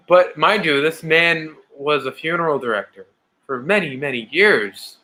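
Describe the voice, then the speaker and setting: A man's voice: on the high side, moderate pace, pushed and bright, poor audio. A man co-hosting a casual chat, a jokey storyteller. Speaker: co-host.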